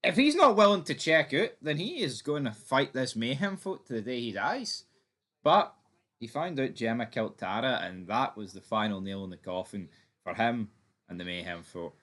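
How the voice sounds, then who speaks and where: A man's voice: mid-range voice, very animated, normal speed, a bit bright. Emphatic, chatty male show host. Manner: chatty and emphatic, loose talk with swearing. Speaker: host of a TV fan theory channel. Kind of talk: casual opinion commentary.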